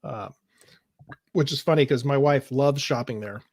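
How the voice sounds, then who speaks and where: A man's voice: mid-range voice, moderate pace, darkish tone, no room sound, clean studio sound. A man hosting a casual show chat, talking loosely and laughing easily, recording while traveling. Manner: laughs easily, loose rambling talk with fillers. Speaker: podcast host. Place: indoors while traveling, video call setup.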